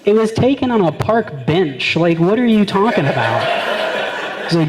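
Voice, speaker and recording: A man's voice: high voice, very animated, moderate pace, over a noisy crowd, rough recording. A man performing a stand-up comedy set, telling stories with quoted back-and-forth exchanges. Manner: conversational storytelling with quoted exchanges. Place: small live venue.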